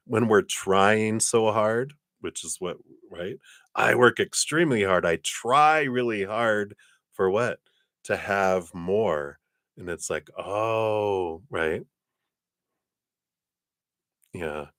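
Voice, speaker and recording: A man giving a casual talk on gratitude and energy during a livestream reading, animated and laughing as he acts out his own past thoughts. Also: low-pitched, no echo, clean studio sound. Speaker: tarot reader on a livestream.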